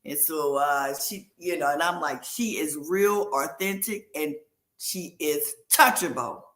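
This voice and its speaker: A woman guest in a casual chat, telling her story with quick asides and laughs. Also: sits low, a bit bright, roomy sound.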